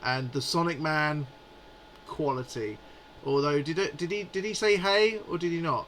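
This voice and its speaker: A man's voice: a little high, normal speed, a bit bright, a little hiss or hum, poor audio. A man in his forties hosting a live stream, chatting in a rambling, amused way. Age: 40s. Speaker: livestream host. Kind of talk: casual live chat.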